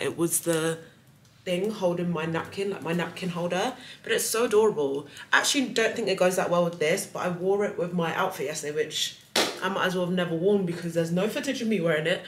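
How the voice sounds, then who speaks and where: A woman's voice: fairly low pitch, roomy sound, far from the mic, a little hiss or hum, poor audio. A young woman chatting casually to camera as a travel vlogger while she gets ready in a hotel room, joking about herself as she goes. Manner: chatty, self-deprecating, talks to viewers while getting ready. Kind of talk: casual vlog chat to camera.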